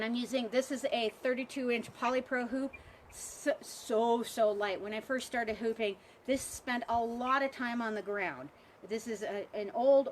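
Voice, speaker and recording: A woman's voice: fairly high pitch, slight background noise. Upbeat woman teaching hula hooping. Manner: upbeat, chatty, encouraging. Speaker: hula hoop instructor. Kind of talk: live online workshop teaching. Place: outdoors by a pond.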